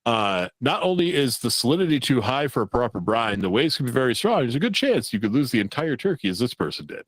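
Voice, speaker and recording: A man hosts a laid-back talk show, reading strange news items aloud with a loose, profane delivery. His pitch swings widely as he talks. The sound is dry and close. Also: very animated, fast talker, no echo. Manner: loose and profane, laughs at the stories. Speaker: podcast host.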